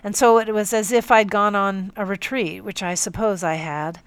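A woman narrating a first-person audiobook in a calm, measured storytelling manner on a close microphone. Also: mid-range voice, clear, resonant tone, dry recording.

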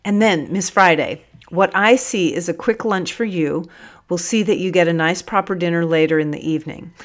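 A kindly, earnest male police sergeant who lays out his plans briskly and eagerly, voiced by a woman reading an audiobook. The tone is low and warm-hearted, close to the reader's natural voice. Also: lightly acted. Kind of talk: audiobook character voice.

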